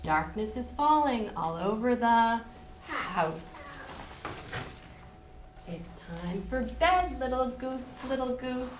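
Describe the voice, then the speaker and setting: A woman's voice: fairly high pitch, expressive, slow pace, long pauses. A woman teacher leading rhymes and reading a picture book to young children in a patient, sing-song way, recorded in a classroom. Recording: echoey room, distant mic, noisy.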